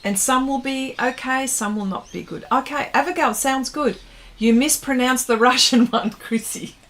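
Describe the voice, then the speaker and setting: A woman's voice: sits high, normal speed, fairly bright tone. A woman hosting an art livestream, chatting casually while she paints and reading viewers' comments aloud, often trailing off mid-sentence.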